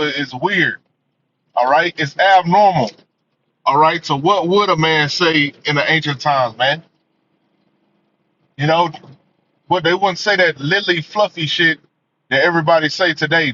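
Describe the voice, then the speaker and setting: A man's voice: on the high side, pushed and bright, a little hiss or hum. A man giving a profane, emphatic rant as a movie reviewer, filling his talk with "man" and "you know.". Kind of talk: ranting commentary. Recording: dull lo-fi audio.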